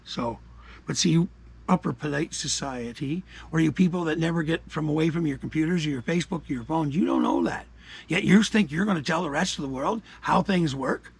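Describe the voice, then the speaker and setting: An older man from Canada ranting his opinions in a combative, profane way, dropping to mutters and rising to shouts. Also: on the high side, fairly quick, gravelly, breathy edge. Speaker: commentary vlogger. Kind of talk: angry opinion rant.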